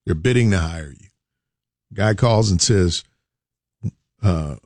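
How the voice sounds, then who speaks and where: A man's voice: low voice, slow pace, pauses often, darkish tone, no room sound, studio quality. A man hosting a casual talk show, spinning a playful what-if story.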